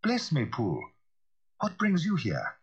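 A man voicing a composed middle-aged male Victorian lawyer who speaks in a measured, formal, gently commanding way. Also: medium pitch, big pitch swings, slightly rough, voice pushed up. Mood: concerned. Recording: dull lo-fi recording.

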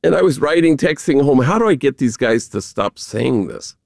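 A priest in conversation whose voice swoops up and down with lively energy, catching into a gravelly fry at the ends of phrases. He speaks earnestly, with a gentle humor, as he tells stories to an interviewer. The sound is dry and close, with no room around it. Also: medium pitch, normal speed, no echo. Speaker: Jesuit priest, guest.

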